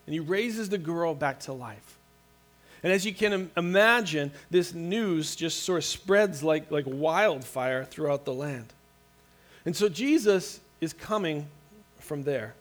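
Male pastor who preaches casually but earnestly, restarts his phrases often, and has a slightly higher voice. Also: takes it slowly. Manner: conversational, earnest, with frequent restarts and light laughter. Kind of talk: sermon.

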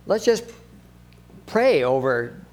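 A man's voice: medium pitch, big pitch swings, takes it slowly, darkish tone. A male pastor preaching in a conversational way, often acting out short exchanges and laughing. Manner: conversational, acts out little dialogues, laughs often. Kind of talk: sermon.

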